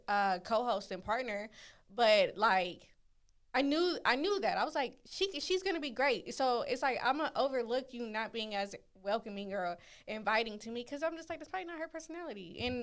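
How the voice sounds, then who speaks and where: Easygoing woman podcast co-host. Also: a little high. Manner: easygoing, lots of fillers like "you know what I'm saying". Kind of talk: casual chat.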